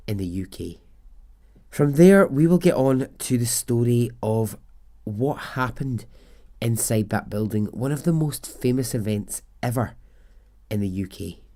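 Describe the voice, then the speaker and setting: A man's voice: medium pitch, a little mellow. Man, podcast host, chatty, laughs a lot, faint music behind. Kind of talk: casual storytelling podcast.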